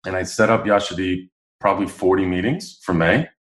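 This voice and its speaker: A man with a deep, low-pitched voice tells stories as a guest in a casual interview. He talks with animation and acts out the voices of the people in his stories. The recording has a noticeable roomy echo. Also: fairly quick. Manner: animated, acts out quoted dialogue. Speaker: podcast guest.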